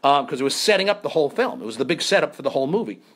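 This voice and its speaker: A lively man hosting a comedy show, spinning an anecdote with a bright, sharp voice. His pitch sits a little high and swings widely as he jumps into voices. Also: very fast. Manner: animated, leaps into high voices for effect. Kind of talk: comic storytelling.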